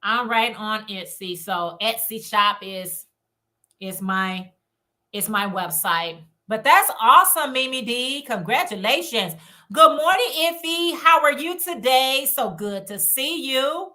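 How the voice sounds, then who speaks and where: Chatty bright-voiced woman hosting a livestream. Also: a little high, expressive, takes it slowly. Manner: chatty and encouraging, reads chat comments aloud. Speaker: livestream host. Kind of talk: casual live-stream chat with viewers.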